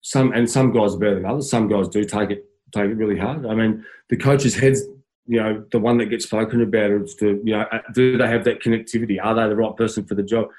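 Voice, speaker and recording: Australian man, low voice, halting storyteller. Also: fairly even intonation, a little mellow, low-quality recording. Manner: halting, many restarts, laughs while telling stories. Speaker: former footballer, guest. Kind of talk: casual storytelling interview.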